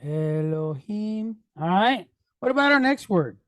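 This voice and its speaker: A woman's voice: mid-range voice, expressive, slow, a little mellow, no room sound. A woman teaching a Hebrew reading lesson, patiently naming each letter and vowel point and checking in with the class as she goes. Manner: checks in with frequent "right?".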